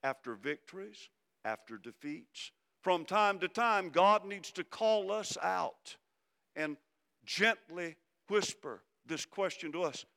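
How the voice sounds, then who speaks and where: A man preaching a sermon, swinging from loud emphasis down to hushed, soft phrases. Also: sits high, expressive, slow pace, gravelly. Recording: long hall reverb.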